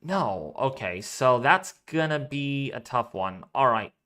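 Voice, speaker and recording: A man's voice: medium pitch, lively intonation, takes it slowly, pushed and bright. A man hosting a weather live stream, chatting casually and rambling as he thinks aloud while reading out viewer donations. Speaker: weather livestream host.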